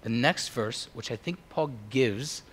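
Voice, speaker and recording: A man preaching a sermon as pastor, swinging between hushed intensity and loud emphasis. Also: medium pitch, animated, unhurried.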